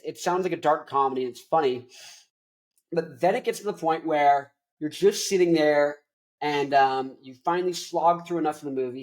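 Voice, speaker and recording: Young man, host, casual rant, rambling, animated, lots of fillers. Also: a little high.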